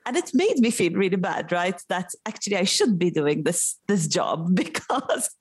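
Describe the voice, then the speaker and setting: Animated Maltese-accented woman. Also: lowish voice, moderate pace, breathy edge, no echo. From Malta. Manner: animated storyteller, laughs often. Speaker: guest, on-camera confidence coach. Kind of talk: casual interview chat.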